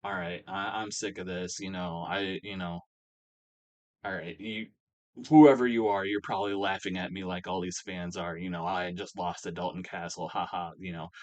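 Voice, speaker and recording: A man's voice: sits low, steady tone, moderate pace, a little mellow, lightly acted. A man retelling a whiny ranting wrestler. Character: frustrated whining male wrestler.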